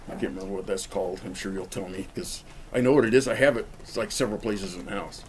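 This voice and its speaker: A man's voice: lowish voice, a little hiss or hum. A man casually talking through a cigar review outdoors in the cold, chatty and joking straight to the viewer. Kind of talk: casual rambling vlog review.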